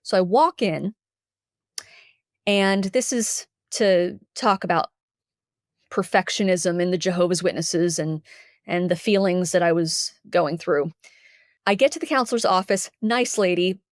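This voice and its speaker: A woman's voice: on the low side, a little slow, no echo, clean studio sound. Candid woman from Texas telling her story. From Dallas, Texas. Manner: candid, animated, acts out the quotes. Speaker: guest. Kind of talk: personal storytelling.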